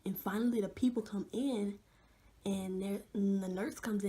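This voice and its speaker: A young woman vlogger telling an animated story with many fillers, often dropping to a hush. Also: mid-range voice, normal speed. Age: young adult. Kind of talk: storytime vlog.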